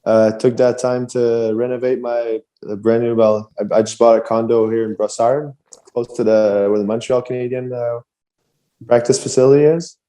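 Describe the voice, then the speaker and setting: Man, French first language, mellow voice, easygoing podcast guest. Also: medium pitch, little pitch movement. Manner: easygoing, modest, slightly halting. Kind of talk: casual interview chat.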